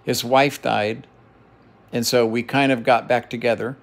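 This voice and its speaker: A man's voice: mid-range voice, steady tone, a little slow. A middle-aged man venting in an emotional personal monologue to his camera, heated and profane, repeating phrases for emphasis. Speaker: vlogger.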